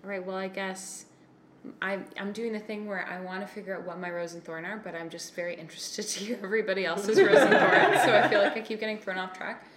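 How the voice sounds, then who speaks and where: A woman's voice: medium pitch, quick pace, a crowd in the background. A woman co-hosting a podcast in casual chat, easygoing and thinking aloud as she talks. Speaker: podcast co-host. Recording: echoey room, faint noise.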